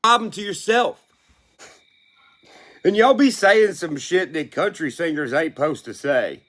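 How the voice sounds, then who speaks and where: A man's voice: fairly high pitch, animated, unhurried, a bit bright. A young man, a country music artist, ranting bluntly with heavy swearing. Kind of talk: profane opinion rant.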